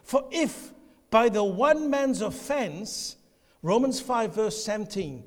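A man preaching a passionate sermon, shifting between quiet, intimate passages and shouted declarations. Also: sits high, animated, normal speed. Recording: long hall reverb.

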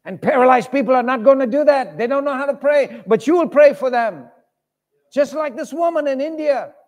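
A man preaching a sermon, telling stories with lively voices for the people in them. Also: very high voice, brisk. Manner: animated, acts out voices in stories. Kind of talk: sermon storytelling. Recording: long reverb of a large hall.

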